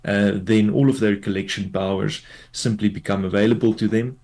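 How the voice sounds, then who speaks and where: A tax law expert explains a court ruling during a radio news interview, speaking in a measured way with many fillers. His voice is on the low side, gravelly and a little mellow, with a steady tone.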